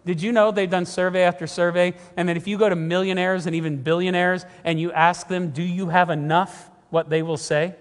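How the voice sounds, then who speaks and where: High-voiced preacher in a reverberant hall. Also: male voice, flat delivery, fairly quick, few pauses. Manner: earnest, emphatic preaching, often repeats himself. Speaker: pastor. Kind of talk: sermon.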